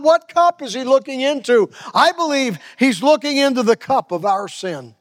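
A man in his seventies preaching a sermon dramatically, dropping to hushed tones and rising to a raised voice. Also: very high-pitched, expressive, normal speed, few pauses. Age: 70s. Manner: dramatic, swinging from hushed near-whisper to raised voice. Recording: long reverb of a large hall.

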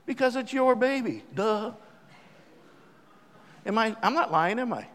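Folksy preacher, reverberant hall. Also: male voice, high-pitched, expressive, a little slow, long pauses. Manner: folksy, joking, emphatic with sudden loud rises. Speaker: visiting missionary preacher. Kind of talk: sermon. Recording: long church-hall reverb.

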